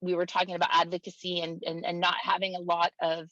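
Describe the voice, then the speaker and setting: A woman's voice: lowish voice, completely flat delivery, quick pace, a bit bright, dry recording, dull audio. Chatty woman on a dry video call. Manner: chatty and hesitant, many restarts. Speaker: participant, caregiver. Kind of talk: casual video-call chat. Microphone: video call audio.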